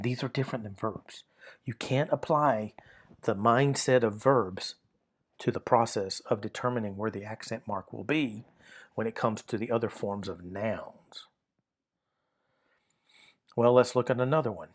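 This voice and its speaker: A man with a mid-pitched voice talks through a grammar lesson. He is patient and methodical and circles back to restate each rule. His delivery is plain and steady. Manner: patient, methodical, repeats key points. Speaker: Greek grammar teacher. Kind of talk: explanatory teaching lesson.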